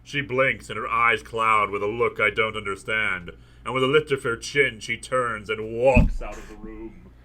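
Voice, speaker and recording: A man's voice: on the low side, steady tone, moderate pace, few pauses, bright, forceful tone. A man hosting a comedic reading of a novel, reading passages aloud in a mock-dramatic way and breaking off for jokey asides. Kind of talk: comedic book reading with commentary.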